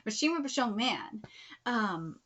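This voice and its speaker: Emotional, gushing woman reaction host, slightly high. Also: animated, measured pace, a bit bright, muffled recording. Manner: emotional, gushing, often dropping to breathy whispered exclamations. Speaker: YouTube manga reaction host. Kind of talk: live reaction commentary.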